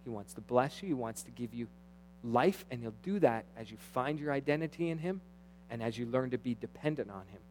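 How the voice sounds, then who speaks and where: A man preaching a sermon, animated, swinging between loud exclamations and quiet, low asides as he acts out quoted dialogue. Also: brisk, slight background noise, poor audio. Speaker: pastor.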